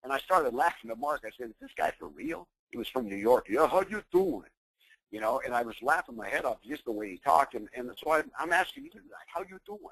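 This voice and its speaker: A man's voice: mid-range voice, animated, fast talker, vocal fry, hardly any pauses, fairly bright tone, husky, no room sound, poor audio. A man leading a motivational business training call, intense and emphatic, firing rhetorical questions at his listeners. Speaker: business coach.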